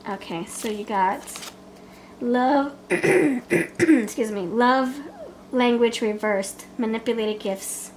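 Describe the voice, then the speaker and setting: Woman doing a chatty tarot reading, kinda high voice, giggly, noise in the background. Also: slow, rough recording. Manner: playful, chatty, laughs often, acts out quoted lines. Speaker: tarot reader. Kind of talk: casual pick-a-card tarot reading.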